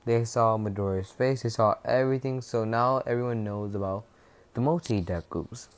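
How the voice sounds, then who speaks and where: A young man casually retelling a fan-fiction story, rambling and rushed, with restarts and swearing. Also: mid-range voice.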